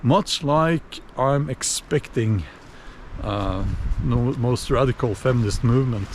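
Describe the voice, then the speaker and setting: A man giving a casual opinion monologue while walking outdoors, unhurried and musing, with many fillers and restarts. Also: mid-range voice, lively intonation, a little hiss or hum. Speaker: video blogger.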